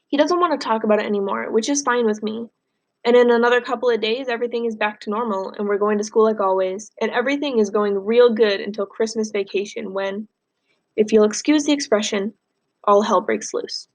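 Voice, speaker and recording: Woman, teacher, slightly high-pitched, casual, explanatory, reading aloud. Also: a little fast. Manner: casual, explanatory, with fillers and restarts. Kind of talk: reading a novel aloud in a recorded lesson.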